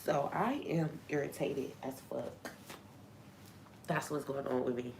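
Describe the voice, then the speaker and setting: A woman's voice: rumbling low, fairly even intonation, measured pace, gravelly, a little hiss or hum. A woman hosting a faith talk on a live stream, venting frankly and swearing freely.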